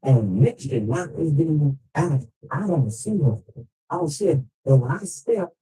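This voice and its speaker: Man, slightly high pitch but very mellow and dark timbre, casual rambling storyteller, slangy, swears a lot. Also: sing-song, slow pace, low-quality recording. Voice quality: loose, slangy street talk with frequent swearing.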